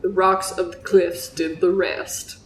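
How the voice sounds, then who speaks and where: A woman voicing a haunted old drunk sailor with a put-on Southern accent, telling his tale slowly and solemnly. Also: lowish voice, little pitch movement, slight background noise. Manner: slow, solemn storytelling, breaking into giggles. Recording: roomy echo.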